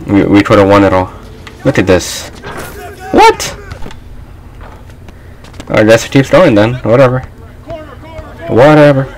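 A young man giving loose, trash-talking commentary while he plays a basketball video game, often shouting at his teammates and the game. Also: lowish voice, normal speed, pauses often, low-quality recording. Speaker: gaming channel host. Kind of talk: live gameplay commentary.

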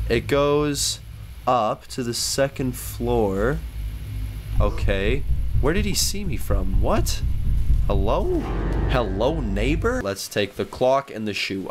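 Young male let's-play host, excitable and squealy, highly animated delivery. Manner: excitable, squeals and jumps high when startled or happy. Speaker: gaming YouTuber.

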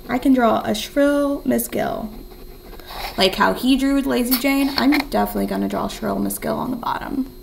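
A woman's voice: on the high side, normal speed, gravelly, slight background noise, low-quality recording. A young woman teaching a remote writing lesson, encouraging and thinking aloud as she writes. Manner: counts syllables in a soft whisper.

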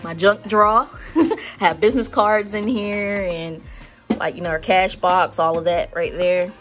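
A young adult woman walks through her spa room, chatting casually and filling her pauses with "like" and "um". Her voice sits in a middle pitch, and faint music plays quietly under her talk. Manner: chatty, filler-heavy listing with many "like" and "um". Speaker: spa owner giving a room tour. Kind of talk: casual walkthrough vlog. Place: indoor spa treatment room.

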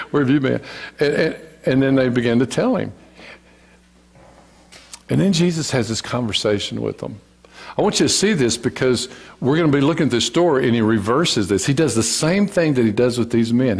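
A man preaching a sermon in a church, with a folksy, joking way of talking to the congregation. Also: mid-range voice. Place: church sanctuary.

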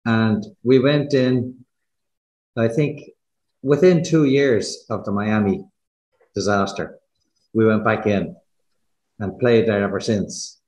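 A man's voice: lowish voice, steady tone, slow pace, long pauses, darkish tone. A man, a musician guest, giving a brief, matter-of-fact answer in an online panel. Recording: roomy with faint noise.

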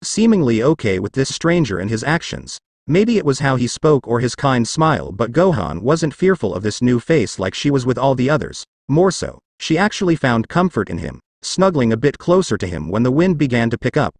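A man reads a fan fiction story aloud with dramatic flair. His pitch rises and falls a lot, and the close microphone gives a dry, intimate sound with no room echo. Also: sing-song, moderate pace, hardly any pauses, darkish tone.

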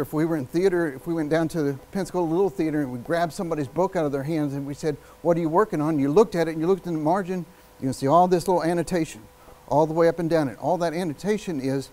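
A man giving a live public speaking workshop, energetic and emphatic, shifting his speed and volume and using long pauses. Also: a little high, slight background noise, rough recording. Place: workshop room with an audience.

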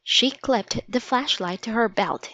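A woman reading a children's storybook aloud in a gentle, measured way. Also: on the high side, no echo. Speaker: narrator. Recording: dry, slightly dull audiobook recording.

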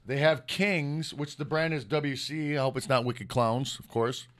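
A man's voice: medium pitch, measured pace. Profane rambling man, podcast co-host. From Michigan. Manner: profane, rambling storytelling with lots of "like". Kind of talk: casual chat.

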